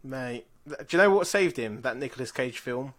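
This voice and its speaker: A man's voice: mid-range voice, expressive, moderate pace, a bit bright. Man, podcast co-host, blunt and easygoing. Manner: blunt, laughs at his own stories. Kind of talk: casual chat.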